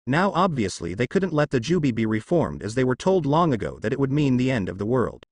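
A man narrating a fan fiction story in a lively storytelling manner. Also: medium pitch, fairly quick, few pauses, dry recording.

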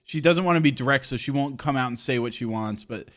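A man's voice: medium pitch, quick pace, fairly bright tone. A man co-hosting a podcast in casual comedic chat, laid-back and laughing often. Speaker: podcast co-host.

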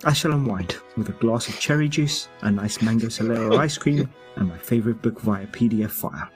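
A man's voice: fairly low pitch, fairly quick, hardly any pauses, soft background music. A man narrating a comedy video in a pompous, mock-formal voice with theatrical outrage.

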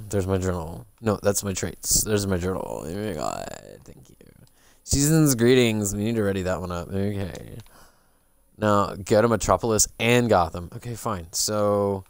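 A man's voice: sits low, vocal fry, no room sound. A man streaming a game, muttering sarcastic, swearing asides as he plays. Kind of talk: casual gameplay commentary.

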